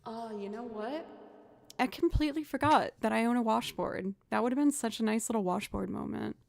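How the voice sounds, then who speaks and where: A woman's voice: fairly high pitch, brisk, gravelly, a little mellow, dry recording. A young woman chatting casually with her live-stream audience, rambling with fillers and restarts. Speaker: streamer and musician.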